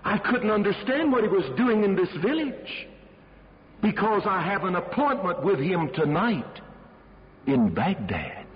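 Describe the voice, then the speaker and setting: A man voicing Death as a calm, matter-of-fact figure speaking slowly, in a recording with long hall reverb. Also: high voice, lo-fi sound.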